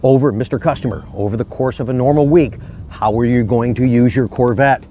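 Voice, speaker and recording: A man's voice: mid-range voice, steady tone, brisk, mellow, slight background noise. A middle-aged man, a car salesman hosting his own channel, chatting casually and telling friendly stories outdoors in a park. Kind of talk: casual outdoor vlog talk.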